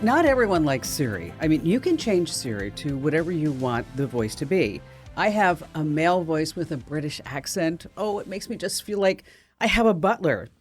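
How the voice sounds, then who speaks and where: A woman hosting a radio talk show with an energetic, showy and emphatic delivery. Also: low-pitched, no room sound.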